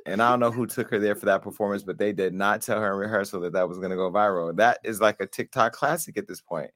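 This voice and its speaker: A man hosting a call-in talk show, joking and animated as he chats and laughs often. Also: on the low side, quick pace. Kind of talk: casual chat.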